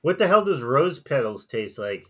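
A man's voice: mid-range voice, sing-song, moderate pace, pushed and bright, rough recording. A man hosting a casual podcast chat, joking and laughing often. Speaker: podcast host.

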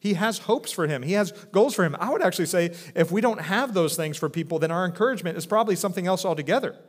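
A man's voice: sits high, animated, fast talker. A man in his thirties, a pastor, preaching in an earnest, conversational way with many restarts. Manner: earnest, conversational, with frequent restarts and a soft drop for quoted speech. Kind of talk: sermon.

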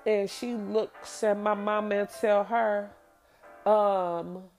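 A woman's voice: mid-range voice, steady tone, takes it slowly, darkish tone, faint music behind. A woman telling a personal story from her past, candid, blunt and profane.

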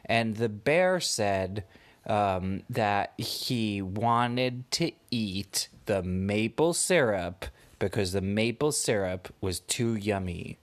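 Slow, lively man telling a bedtime story. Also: on the low side. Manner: slow, animated, playful voices.

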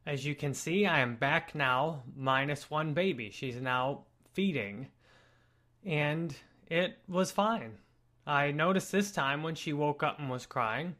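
Calm higher-voiced man talking about acceptance. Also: unhurried. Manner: calm, earnest and gently explanatory. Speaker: spiritual vlogger. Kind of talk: reflective talk to camera. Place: at home.

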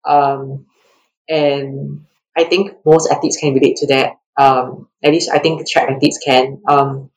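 Animated woman telling stories. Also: a little slow, low-quality recording. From Singapore. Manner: animated, laughing, acts out quotes with rising pitch. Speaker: track athlete guest. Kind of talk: casual interview storytelling.

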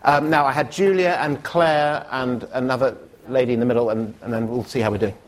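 A man chairing a panel discussion, brisk and wry, taking questions from the floor. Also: mid-range voice, fairly even intonation. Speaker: panel moderator.

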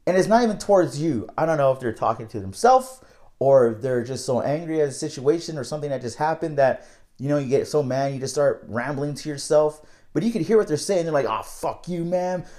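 A man's voice: fairly high pitch, animated, fairly quick, mellow. Candid, rambling young man with island lilt. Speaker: night-shift worker. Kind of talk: casual storytelling.

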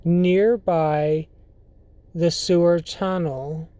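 Slow, halting podcast storyteller. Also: mid-range voice, steady tone, warm tone, clean tone, no echo. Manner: halting, filler-heavy, often restarts sentences. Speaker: podcast host. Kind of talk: casual storytelling.

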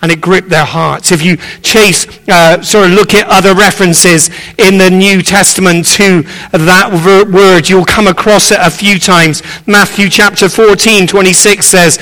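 A man's voice: high-pitched, steady tone, measured pace, few pauses, pushed and bright. A man preaching as a visiting speaker, earnest and encouraging, repeating his key phrases. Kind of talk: sermon. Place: church sanctuary. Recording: echoey church hall.

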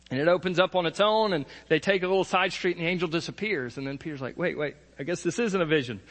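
A male pastor preaches in a relaxed, conversational storytelling style, acting out the people he quotes. His voice sits high for a man. The sound carries the long reverb of a large hall. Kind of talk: sermon, retelling Bible stories.

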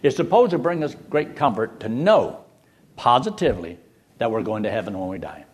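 A man's voice: medium pitch, brisk. Casting note: older male preacher, folksy storyteller, voice rises and falls a lot. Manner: folksy, animated storyteller with jokes. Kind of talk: sermon with storytelling.

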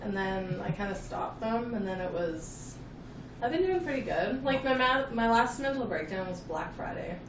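A woman co-hosting a podcast, telling stories in an animated casual chat, saying "like" often and laughing. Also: medium pitch, moderate pace, distant mic. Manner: animated storytelling, laughing, frequent "like". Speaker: podcast co-host. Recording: roomy, off-mic, noisy.

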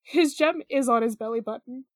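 High-voiced, rambling woman co-host. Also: moderate pace, dry recording, studio quality. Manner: rambling, hesitant, many fillers. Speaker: podcast co-host. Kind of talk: casual podcast chat.

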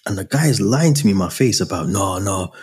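Deep, husky young man. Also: expressive, a little fast, a little mellow. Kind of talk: casual chat.

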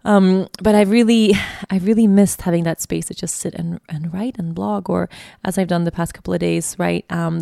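Reflective woman with a low, gravelly voice. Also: warm tone, no room sound, studio quality. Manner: reflective, heartfelt, with frequent restarts. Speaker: podcast host. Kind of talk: casual solo podcast monologue. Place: guest bedroom, sitting on a bed.

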